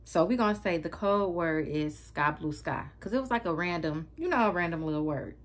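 A woman's voice: on the low side, fairly quick. Dramatic storytelling woman vlogger. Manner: dramatic, slangy, talks straight to viewers. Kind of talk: storytime vlog.

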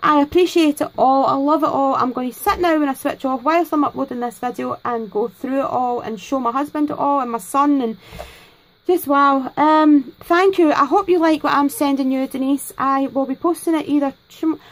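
A craft vlogger whose voice sits high speaks over poor audio from her craft desk at home. Unboxing her gifts on camera, she's effusive and gushing, thanking people with plenty of exclamations.

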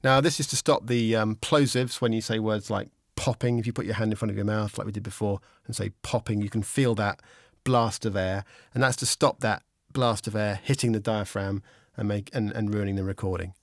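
A man teaching microphone technique in a relaxed, explanatory way, with frequent ums and restarts, recorded on a studio condenser microphone. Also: fairly low pitch, brisk, creaky, few pauses, dry recording. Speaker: instructor. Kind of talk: casual instructional explanation. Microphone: studio condenser microphone with pop shield.

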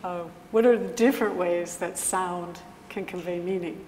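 A calm woman explains ideas to a live audience, pausing now and then with small hesitations. Her voice carries the long reverb of a lecture hall, with faint background noise. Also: lowish voice. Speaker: composer presenter.

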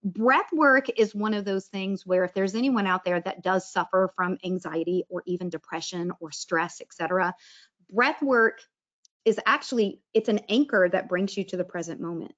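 In dull-sounding audio, a wellness presenter talks about mindfulness and breath work at a moderate pace, her medium-pitched voice a bit bright. Her style is chatty, and she performs the inner voices she quotes.

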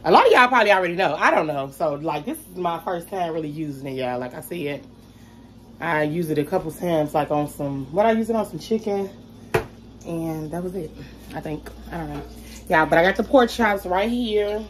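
A woman's voice: fairly low pitch, animated, moderate pace. A woman chatting casually to her viewers while she cooks dinner in her home kitchen, calling them y'all again and again. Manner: chatty, talks straight to viewers with lots of y'all. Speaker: vlogger. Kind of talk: casual cooking vlog.

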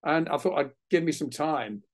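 Animated man telling a story. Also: fairly high pitch, moderate pace. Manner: lively and animated, acts out the voices of others. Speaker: guest naturalist. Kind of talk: anecdotal storytelling in a webinar interview. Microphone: video call.

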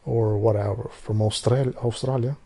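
Guy vlogging, kinda high mellow voice, rambles, swears, keeps losing what he was saying. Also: moderate pace. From Albania. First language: Albanian. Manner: rambling, profane, loses his thread and restarts sentences. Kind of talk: casual rambling monologue.

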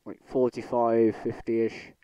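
A young man talking over a train game he plays, exasperated and grumbling, tripping over his words when irritated. His voice sits at an ordinary pitch, and the sound is close and dry with no room echo. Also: flat delivery, slow, mellow, clear, resonant tone, lo-fi sound. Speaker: gaming channel host. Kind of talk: casual gameplay commentary.

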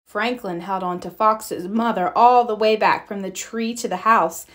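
A woman reading a children's picture book aloud with expressive storytelling. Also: medium pitch, measured pace, hardly any pauses. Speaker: storybook reader. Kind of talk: children's read-aloud narration.

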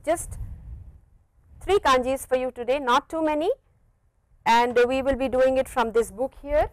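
A woman's voice: sits high, dry recording, low-quality recording. Patient Indian-accented woman teaching Japanese. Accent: Indian English. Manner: patient, repeats phrases slowly for learners. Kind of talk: classroom lecture. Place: teaching studio with a board.

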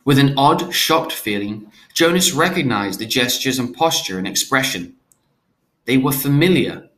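Bright, lively man reading aloud. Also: mid-range voice, normal speed. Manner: stops to restate hard words in simpler terms. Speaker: reader of a novel aloud. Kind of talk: reading a novel aloud with plain explanations.

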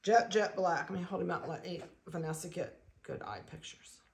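A woman breeder narrating a casual video, chatting along and cooing softly to the animals she handles. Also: on the low side, moderate pace, vocal fry. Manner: chatty, coos softly to puppies. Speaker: dog breeder.

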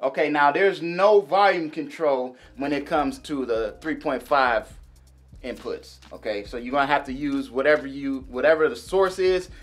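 A man casually demonstrating and reviewing a small audio mixer for his viewers, chatty and relaxed. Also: medium pitch, moderate pace, soft background music. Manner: laid-back, chatty, addresses viewers as y'all and man. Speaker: gear reviewer. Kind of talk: casual product demo vlog.

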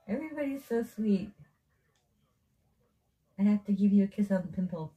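A woman's voice: medium pitch, dark tone, poor audio. A Japanese woman with a Japanese accent, chatting casually and teasing in a playful way. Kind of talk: casual chat.

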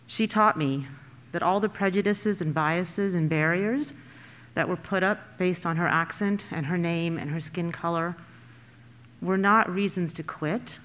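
A woman from California, a school board member, gives formal prepared remarks at a public meeting in a measured, earnest way with emphatic pauses. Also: deep voice, long reverb tail. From California, United States.

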